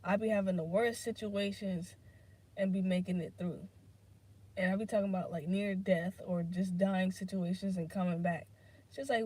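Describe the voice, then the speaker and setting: Her mid-range voice is a little mellow. She hosts a laid-back solo podcast, talking things through with plenty of swearing and fillers while drifting between subjects.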